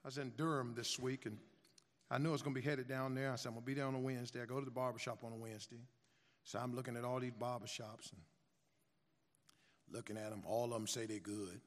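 A man preaching a sermon as pastor, telling a story softly, then building into emphatic, repetitive exhortation. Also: medium pitch, fairly even intonation, fast talker, big-room sound.

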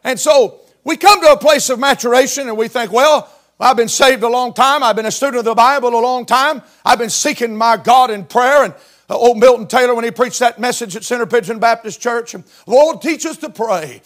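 High-voiced fervent male preacher. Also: brisk. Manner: fervent Southern-style preaching, rising to shouts. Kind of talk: sermon.

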